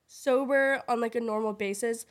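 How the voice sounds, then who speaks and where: High-voiced young woman chatting on a podcast. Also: normal speed. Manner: animated, retelling events with quoted dialogue. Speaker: podcast co-host. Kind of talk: casual chat.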